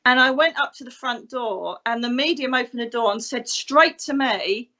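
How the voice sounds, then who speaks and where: An English woman in her fifties, a psychic medium guest in an interview, telling stories with energy and acting out the voices of the people in them. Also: a little high. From England. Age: 50s. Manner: animated, acts out other voices in her stories. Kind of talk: storytelling interview talk.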